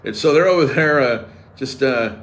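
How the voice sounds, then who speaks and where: Medium pitch and normal speed mark this male sports radio host. He jokes around sarcastically and riffs in casual, animated banter.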